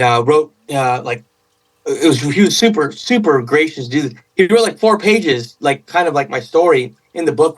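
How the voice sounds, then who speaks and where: A man, a podcast guest, telling a story in casual chat in an excitable, rambling way with many restarts. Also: mid-range voice, far from the mic, low-quality recording.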